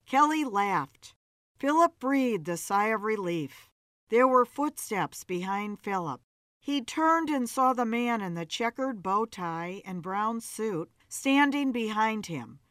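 A woman reads a dark noir story aloud, her voice lively and full of movement. She takes her time with the lines. The recording is close and dry. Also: fairly high pitch, dry recording. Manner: expressive, measured narration. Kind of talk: dramatic noir story reading.

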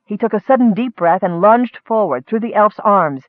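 A man narrating a fantasy story in a steady, measured audiobook reading. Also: high voice, no echo, phone-quality sound.

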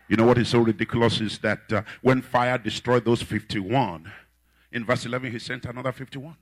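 A man preaching a sermon, swinging between shouted, chanted refrains and low, quiet storytelling. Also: fairly even intonation, a little fast.

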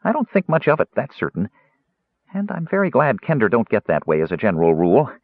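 A man voicing a frantic kender turned into a mouse, with a high, stammering squeak, on a tinny, dry recording. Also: wildly swooping pitch, fast, dry recording. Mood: rattled.

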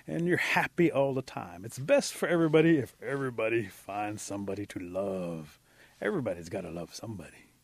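A man's voice: fairly low pitch, brisk, no room sound. Man doing a sly old trickster rabbit. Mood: persuasive.

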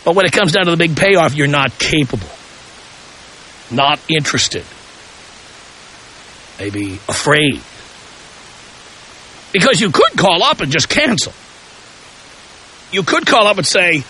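A man's voice: high-pitched, sing-song, a little slow, pauses often, pushed and bright, husky, low-quality recording. A man hosting a call-in radio talk show, asking provocative questions with heavy emphasis.

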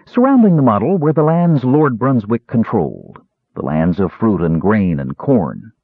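A man narrating a fantasy tale with a low, husky voice that swings widely in pitch. The sound is dry and tinny, like a phone line. His delivery stays measured and expressive. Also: no echo. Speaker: audiobook narrator.

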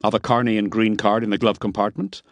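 A man doing a brisk, commanding boss. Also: lowish voice, little pitch movement, no echo, natural voice. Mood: authoritative. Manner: brisk, authoritative, suspicious.

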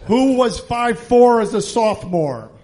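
A man's voice: very high-pitched, animated, unhurried. Dry needling podcast host guy, noisy background. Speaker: podcast host, quiz master. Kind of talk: casual chat, game show questions.

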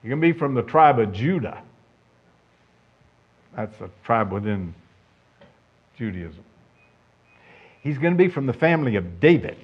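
A man's voice: mid-range voice, very animated, a little slow, pauses often, breathy edge. A man preaching a sermon, emphatic and conversational, putting questions to his listeners. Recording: dull lo-fi sound.

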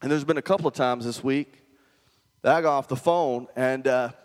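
A man's voice: mid-range voice, normal speed, big-room sound. A male pastor preaching a conversational sermon and often asking the congregation questions.

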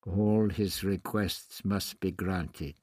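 A man reading an audiobook voices a scheming, sneering high priest with a husky, dry, drawn-out delivery. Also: fairly even intonation, a little mellow, dry recording. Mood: menacing. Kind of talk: audiobook character voice.

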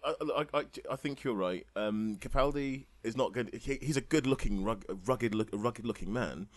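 A man co-hosting a casual podcast chat, quick and jokey. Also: medium pitch, no echo. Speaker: podcast co-host.

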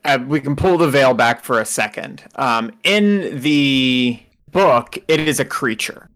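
A man's voice: medium pitch, expressive, a little slow, fairly bright tone. A man narrating as game master in a casual, rambling way, laughing often.

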